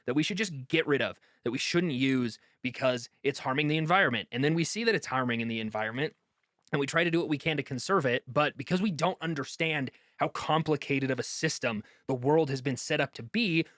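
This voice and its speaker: A man's voice: mid-range voice, brisk, a bit bright, dry recording, clean studio sound. A man giving heated, exasperated commentary in a video essay, slipping into mocking quoted voices as he rants. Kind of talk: impassioned commentary.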